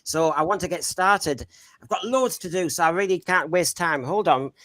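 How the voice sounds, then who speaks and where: A man's voice: fairly high pitch, moderate pace, fairly bright tone. A man hosting a podcast panel, jokey and teasing, laughing often. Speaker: podcast host. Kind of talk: comic panel show chat.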